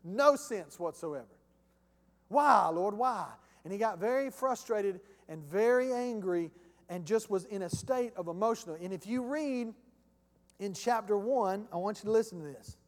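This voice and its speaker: A man's voice: high voice, normal speed, darkish tone. A man preaching a sermon as pastor, impassioned and calling out to his congregation. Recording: long hall reverb.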